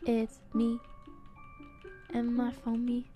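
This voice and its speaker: A young woman streaming a horror game, chatting playfully and cooing to an in-game companion, swinging from quiet muttering to excited squeals. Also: on the high side, slow pace, music in the background. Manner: playful, talks baby-talk to a game companion. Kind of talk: casual gameplay commentary.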